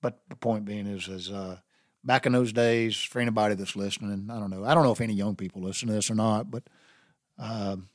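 Speaking fairly quickly in a steady, low-leaning voice, a middle-aged Southern man recounts something personal. He rambles warmly and keeps starting over, and the close, dry sound has no echo.

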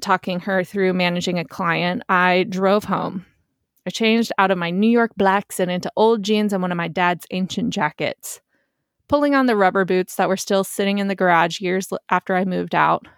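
A young woman host narrating a first-person story in a steady, plain manner. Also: mid-range voice, vocal fry, no echo, clean studio sound.

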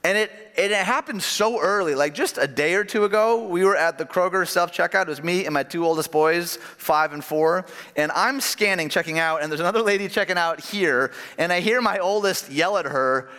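A man in his thirties delivers a sermon in an easygoing, talkative way, tossing questions and asides to his listeners. His voice sits a little high for a man. The sound carries a long, ringing reverb from a large hall. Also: normal speed, few pauses, sharp tone. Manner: conversational preaching with asides and questions to the congregation. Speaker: pastor.

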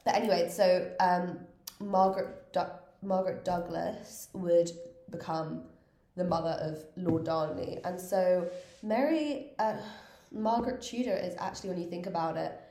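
A woman's voice: fairly low pitch, unhurried, warm tone. A woman co-hosting a casual history podcast, chatting loosely with many fillers and restarts. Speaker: podcast co-host. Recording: roomy echo.

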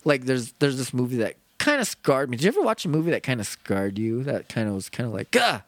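A man's voice: medium pitch, big pitch swings, fast talker, no room sound. A man co-hosting a casual podcast, telling stories animatedly and acting out scenes in quoted voices. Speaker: podcast co-host. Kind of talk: casual chat.

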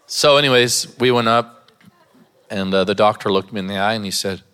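A pastor with a somewhat low voice delivers a sermon in a church. He moves from earnest scripture talk into a humorous personal story, laughing often as he tells it. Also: moderate pace, fairly bright tone, smooth.

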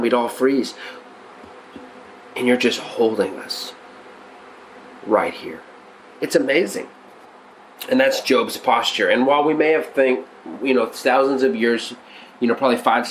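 A male pastor teaching on a devotional podcast, conversational with many restarts, swinging into excited, animated exclamations. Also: medium pitch, a little hiss or hum, low-quality recording.

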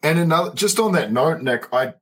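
A man hosting a podcast, talking earnestly and thoughtfully in casual chat, with halting restarts. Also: a little high, lively intonation, a bit bright.

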